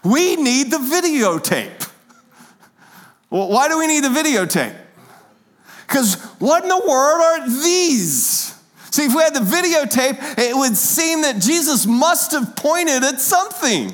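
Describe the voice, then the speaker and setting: A man's voice: very high-pitched, very animated, a little slow, a bit bright. A pastor preaching a sermon in a church, talking conversationally and putting rhetorical questions to his congregation. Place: church sanctuary with pews.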